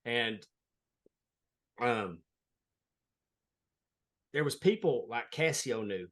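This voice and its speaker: A man's voice: mid-range voice, expressive, very slow, fairly bright tone. A man, a wrestling referee, telling a heartfelt story in a casual interview. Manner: earnest, heartfelt, plain-spoken.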